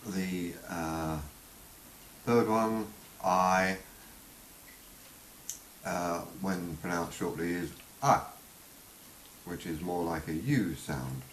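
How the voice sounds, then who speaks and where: Man, very low voice, halting teacher demonstrating vowels, echoey room, faint hiss. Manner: halting, many fillers, demonstrates sounds slowly. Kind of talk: unscripted spoken lesson.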